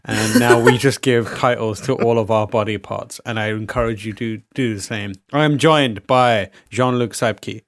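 Male podcast host with a numb face, jokey and upbeat, mid pitch, dry close sound. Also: steady tone, normal speed, few pauses, dry recording. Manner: jokey, upbeat, introduces guests. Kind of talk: casual podcast chat.

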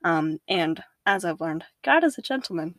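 A young woman, a podcast guest, talking casually about faith, animated, laughing often and acting out her own inner voices. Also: lowish voice, moderate pace, dry recording.

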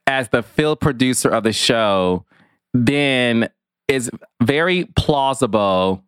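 A middle-aged man giving chatty, expressive reality-TV commentary, with sassy asides. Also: mid-range voice, clean tone, no room sound, studio quality. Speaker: commentator, former field producer. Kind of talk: casual reality-TV commentary to camera.

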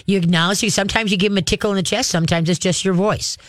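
A dog trainer hosting a call-in show, giving direct, practical advice and acting out calm commands to dogs. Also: mid-range voice, very fast, no echo.

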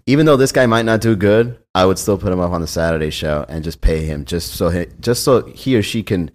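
Deep-voiced, laid-back podcast host. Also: male voice, animated, brisk. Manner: laid-back, profane storytelling. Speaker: comedy show booker and podcast host. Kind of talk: casual chat.

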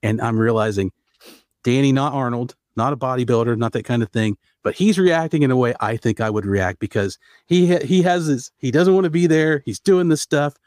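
Middle-aged male podcast co-host, average pitch, dry close mic, rambling casual reviewer. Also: a little fast, no room sound. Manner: rambling, animated, self-interrupting. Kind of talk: casual movie review chat.

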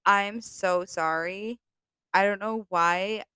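A young woman co-hosting a podcast, giggly and quick to react, often apologizing. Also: mid-range voice, steady tone, pushed and bright, clean tone, dry recording. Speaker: podcast co-host. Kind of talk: casual podcast chat.

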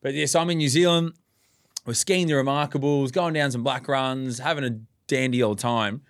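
A man in his late twenties with an Australian accent, co-hosting a casual podcast and telling stories in an animated, profane, self-deprecating way. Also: medium pitch, moderate pace. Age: late 20s. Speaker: podcast co-host. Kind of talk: casual chat, storytelling.

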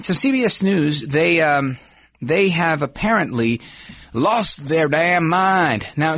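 A man's voice: a little high, a bit bright, husky, no echo. A male talk radio host of Puerto Rican descent, delivering a brash, self-assured monologue in a studio. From United States, Puerto Rican descent. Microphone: studio microphone.

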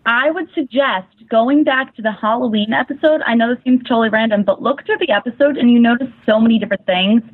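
A woman co-hosting a talk show, retelling scenes in an animated way. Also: a little high, fast talker, hardly any pauses, no room sound, narrow, tinny audio. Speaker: co-host. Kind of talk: casual talk show chat.

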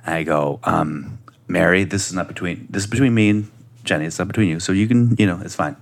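A man, a guest on a podcast, telling a personal story in a casual, animated way and acting out the voices he quotes. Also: deep voice, quick pace, gravelly.

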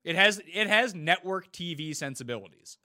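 A man's voice: high-pitched, lively intonation, moderate pace, sharp tone. A man co-hosting a podcast, chatting casually and giving blunt, opinionated takes. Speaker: podcast co-host. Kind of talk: casual chat.

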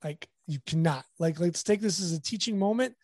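Man, sports photographer, lively storyteller, dry close sound. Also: high-pitched, fairly quick, no echo. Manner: animated storyteller, acts out quotes. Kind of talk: casual storytelling interview.

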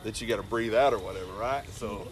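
A man hosting a casual talk around a campfire, telling animated stories, swearing freely and laughing as he goes. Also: on the low side, fast. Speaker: podcast host and wrestler. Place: outdoors around a fire.

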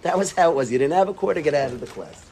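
A man in his late twenties telling a lively story to students, acting out the people in it and dropping into whispers for quoted lines. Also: a little high, very fast, gravelly. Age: 20s. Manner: animated, acts out whispers and quotes. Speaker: yeshiva educator.

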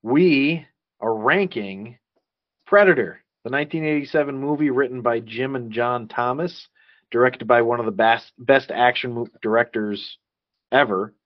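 A man's voice: medium pitch, moderate pace, dull audio. A man in his thirties hosting a casual podcast, rambling with frequent laughs and restarts. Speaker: podcast host.

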